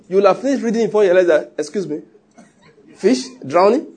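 Husky-voiced preacher. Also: male voice, high voice, fast, mellow. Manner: emphatic, conversational, joking asides. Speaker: pastor. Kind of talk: sermon.

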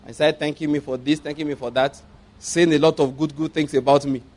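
A man with a somewhat high voice preaching a sermon built around a personal story. He circles back over his own phrases, breaks into laughter partway through sentences, and keeps checking in with the listeners through rhetorical questions. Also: steady tone, fairly quick, a little mellow. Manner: repeats phrases, laughs often while speaking; asks the audience rhetorical questions.

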